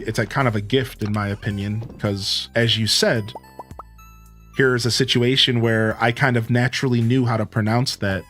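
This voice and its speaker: A man's voice: medium pitch, a bit bright. A man streaming a game live, chatting casually and answering viewers' comments as he plays. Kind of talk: casual live-stream chat while gaming.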